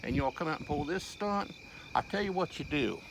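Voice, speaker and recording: A rural Kentucky man with a gravelly voice argues bluntly in his yard at night. He drawls and talks over the officer, heated and fed up. A cell phone picks him up over loud crickets and insects. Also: a little high, lively intonation, fairly quick. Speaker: homeowner and father. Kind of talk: heated confrontation. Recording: noisy outdoor phone recording.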